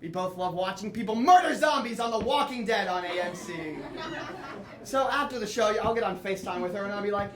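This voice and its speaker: A teenage boy performing a solo comedy monologue, telling lively comic stories with asides to the audience. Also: high-pitched, brisk, roomy sound, a crowd in the background. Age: teens. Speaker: student performer. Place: theatre or classroom with audience.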